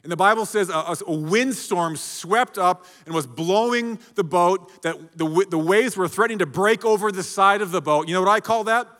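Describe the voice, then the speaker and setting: A man's voice: sits high, moderate pace, hardly any pauses, fairly bright tone. A man preaching a sermon as pastor, conversational and often checking in with the congregation. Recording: echoey hall reverb.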